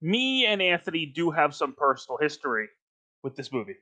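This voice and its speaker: A man's voice: a little high, big pitch swings, a little fast, sharp tone. A man co-hosting a podcast in casual chat, emphatic and rambling, often breaking into laughter. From North Carolina. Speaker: podcast co-host.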